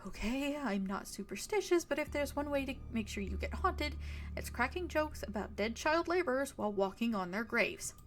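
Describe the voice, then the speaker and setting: A woman's voice: sits high, expressive, normal speed, a little hiss or hum. A woman voicing an anxious young woman who panics with dramatic outbursts. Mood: tense.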